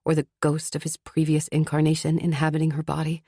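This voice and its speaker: A woman's voice: low voice, completely flat delivery, a little fast, dark tone, breathy edge, no echo, clean studio sound. A woman narrating a fantasy audiobook in the first person, tense and urgent. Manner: tense, urgent inner monologue.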